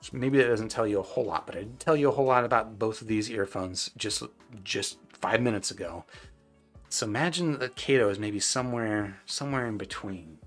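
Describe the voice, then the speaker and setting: A man's voice: lowish voice, brisk, soft background music. A man hosting a live stream, casually answering viewers' chat questions with loose, rambling talk full of fillers and restarts.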